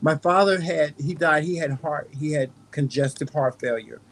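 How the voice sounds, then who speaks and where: A man's voice: a little high, normal speed, a crowd in the background. A man with a Southern American drawl, hosting a casual conversation, earnest and often restarting his sentences. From North Carolina. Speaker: host.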